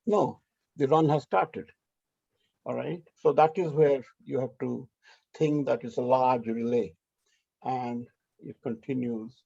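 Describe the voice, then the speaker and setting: A husky, gravelly man leads a festival rehearsal over a video call, circling back and repeating his points. His voice sits dark and mellow, and the dry, dull line takes the edge off it. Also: on the high side, dry recording. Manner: rambling, repeats "you know what I mean". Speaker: festival organizer. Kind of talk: casual rehearsal discussion.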